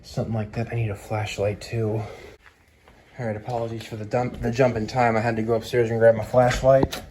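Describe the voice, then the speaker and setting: A ceiling fan collector films a casual walkthrough vlog of his house, garage and storage rooms, rambling with fillers as he lists fans from his collection aloud. Slightly out of breath, he speaks a little fast in a medium pitch with little pitch movement, over a noisy background.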